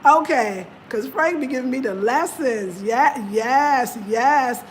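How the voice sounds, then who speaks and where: A woman tells a story in a chatty vlog, her voice set high and bouncing with laughter. A faint hiss of noise sits under the recording. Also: takes it slowly. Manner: animated, laughing often, slangy. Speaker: vlogger.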